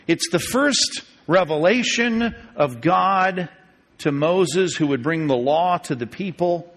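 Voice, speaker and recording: A man teaching a Bible class, emphatic and digressive, slowing down to stress key words. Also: on the high side, a bit bright. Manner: digressive, with fillers and chuckles. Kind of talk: classroom lecture on scripture. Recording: long hall reverb.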